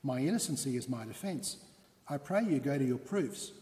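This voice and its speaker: A man reading the lines of a composed, dignified defendant in a measured manner. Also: medium pitch, animated, dark tone, close to an everyday voice. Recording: long hall reverb.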